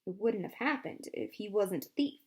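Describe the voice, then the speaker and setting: A woman's voice: mid-range voice, very animated, moderate pace, darkish tone, close to an everyday voice. A woman voicing a cold, stern female camp warden in a storybook reading, curt and defensive.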